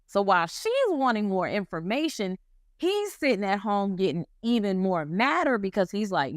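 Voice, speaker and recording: A woman's voice: medium pitch, very animated, moderate pace, dry recording, studio quality. A woman casually retelling a story in slangy commentary, acting out the quotes as she goes. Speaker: commentary host.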